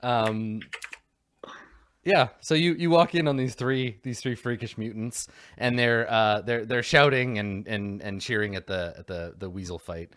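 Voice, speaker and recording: Low-voiced man running a tabletop game. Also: fairly even intonation, unhurried, fairly bright tone, smooth, dry recording, studio quality. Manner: casual, rambling, full of fillers. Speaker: game master.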